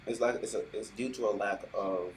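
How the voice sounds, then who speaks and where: Low-voiced man explaining his view. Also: fairly even intonation, slight background noise, low-quality recording. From Prince George's County, Maryland. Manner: measured, explains his point step by step. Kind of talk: casual podcast chat.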